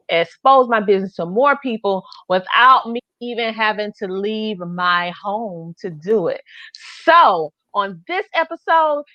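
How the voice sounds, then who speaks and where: A woman's voice: medium pitch, no echo. A woman with a Southern US accent hosting a live online show, talking in an effusive, enthusiastic way. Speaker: host. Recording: dull lo-fi dry sound.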